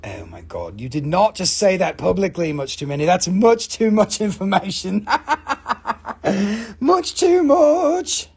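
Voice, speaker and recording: A live-stream seller of rocks and crystals who talks in a casual, joking, profane and excitable way. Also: medium pitch, normal speed, creaky, few pauses, breathy edge. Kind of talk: casual live sales chat.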